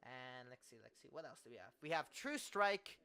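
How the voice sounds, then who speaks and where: Bright-voiced young male game master. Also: mid-range voice, lively intonation, normal speed, clear, resonant tone, dry recording. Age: young adult. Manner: casual, swears, stumbles over words. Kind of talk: narrating a tabletop game.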